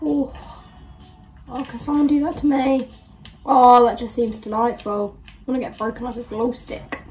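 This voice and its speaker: A woman's voice: on the high side, little pitch movement, moderate pace, a little mellow, faint music behind. A young woman, chatting and telling stories animatedly as a reaction vlogger. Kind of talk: casual reaction vlog storytelling.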